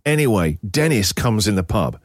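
A man with an English accent hosting a radio phone-in show, telling an animated story and chatting with callers. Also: lowish voice, normal speed, dry recording, studio quality. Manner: animated anecdote teller, acts out quotes. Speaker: radio breakfast show host. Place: radio studio. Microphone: studio mic.

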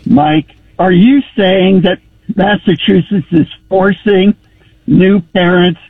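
A man's voice: high-pitched, slow, breathy edge, no room sound. A man calling in to a radio show, arguing insistently and repeating his point over the host. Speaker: caller. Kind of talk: heated call-in argument. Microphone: telephone. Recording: tinny dry phone line.

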